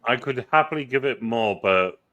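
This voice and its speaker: A man's voice: mid-range voice, lively intonation, moderate pace, sharp tone, lo-fi sound. A man co-hosting a casual movie review podcast, enthusiastic and rambling, swearing and restarting his sentences. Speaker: podcast co-host. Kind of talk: casual chat.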